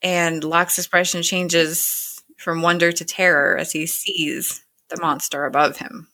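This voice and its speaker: Woman, casual scene-by-scene recap, slightly low pitch, bright tense tone, quotes characters loosely. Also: steady tone, a little slow. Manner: retells scenes with "he's like" quotes. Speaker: show recapper.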